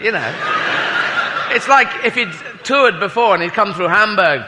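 A man with a fairly high voice does stand-up, wandering through his story with self-mocking asides. A long hall echo trails his words, and a clear audience sound fills the background. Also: expressive, normal speed. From Britain. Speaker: stand-up comedian. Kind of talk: stand-up comedy. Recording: echoey hall, audience noise.

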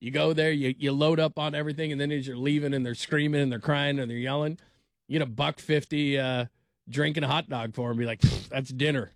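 A man's voice: a little high, fairly even intonation, quick pace, dry recording, studio quality. Rambling jokey male radio host. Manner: rambling, jokey, many restarts. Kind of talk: casual talk radio chat.

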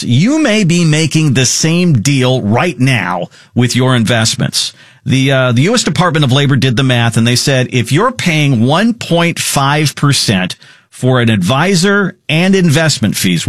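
A man hosting a radio talk show, speaking emphatically and slowing down to stress numbers. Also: on the high side, dry recording, clean studio sound. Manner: emphatic, stretches key numbers.

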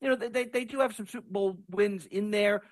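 High-voiced excitable man talking football. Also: brisk, no room sound. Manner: excitable, repeats words when starting. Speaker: podcast guest. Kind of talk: casual sports talk.

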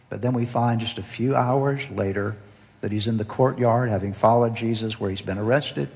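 A pastor preaching a sermon, earnest and emphatic, repeating key phrases for weight. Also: male voice, medium pitch, fairly even intonation, a little fast, a little mellow. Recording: long hall reverb.

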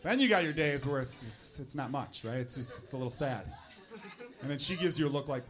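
A man doing a stand-up comedy set, swinging into loud, exasperated acted-out asides. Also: medium pitch, brisk.

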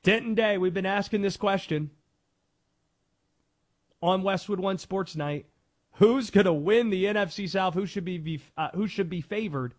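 A man's voice: sits high, moderate pace. A man hosting a sports talk radio show, chatting and asking questions. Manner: conversational, questioning.

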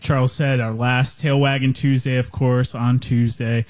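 A man who is a team marketing executive, slightly out of breath, briskly listing event details in a casual radio interview. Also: medium pitch, flat delivery, darkish tone.

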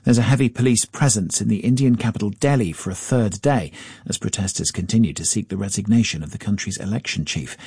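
A man reading a formal news bulletin in a measured, even newsreader delivery. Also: on the low side, creaky, slightly rough, no echo, clean studio sound.

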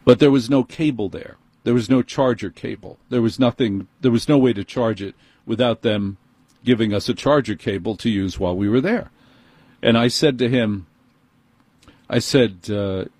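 A man's voice: medium pitch, unhurried, pauses often, darkish tone, dry recording. A middle-aged man with a New York accent, hosting and telling a personal story in an exasperated, emphatic way.

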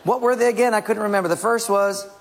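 A man preaching a sermon with a gravelly, husky voice, acting out scenes in changing voices. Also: high voice, fast, some chatter behind, slight background noise. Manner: acts out biblical and household scenes in shifting voices. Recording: long reverb of a large hall.

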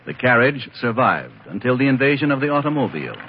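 A man giving measured, wry, literary narration for a radio drama. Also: medium pitch, sing-song, a little hiss or hum. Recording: lo-fi vintage radio broadcast.

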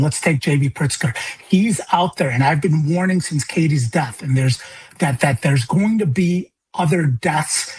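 A man's voice: a little high, husky. A man from Illinois who is a grieving father, speaking as a guest in a radio interview. He talks with passion, stumbles into restarts, and his voice rises when he gets angry. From Illinois, United States. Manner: impassioned, stammering restarts, voice rising in anger.

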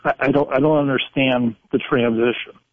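A man calling in to a radio show, rambling and halting with many restarts. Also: medium pitch, steady tone, no room sound. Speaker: caller. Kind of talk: call-in radio. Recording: dry phone line.

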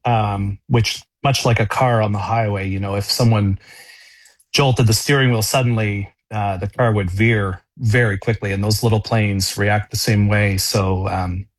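Halting, dry-voiced man recounting. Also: on the low side, fairly even intonation, no echo. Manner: halting, many fillers and restarts. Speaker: radio interview guest. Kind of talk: casual phone-in interview.

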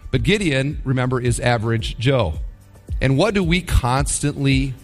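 A man preaching a sermon. He is animated and acts out the voices of the people he quotes. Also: medium pitch, normal speed, faint music behind. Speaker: pastor.

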